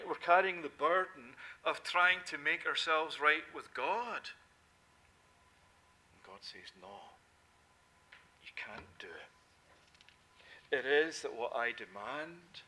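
Male preacher, bright ringing tone, emphatic sermon delivery, loud to hushed. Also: mid-range voice, a little hiss or hum. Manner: emphatic preaching, swinging from loud declarations to soft intimate asides.

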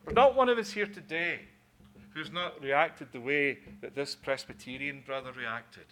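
A man's voice: on the high side, normal speed, sharp tone. A man preaching a sermon in an earnest way, often repeating words as he builds a point.

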